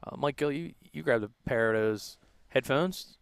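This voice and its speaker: Smooth-voiced jokey broadcast host. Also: male voice, medium pitch, no echo. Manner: jokey, quick, salesy. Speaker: sideline host reading sponsor spots. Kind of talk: live broadcast banter and sponsor reads.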